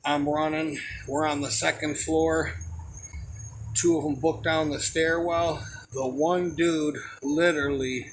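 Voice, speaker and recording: A young man casually telling a personal story in a rambling, profane, animated way, with a noisy background. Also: fairly high pitch. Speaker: storyteller recounting a personal experience.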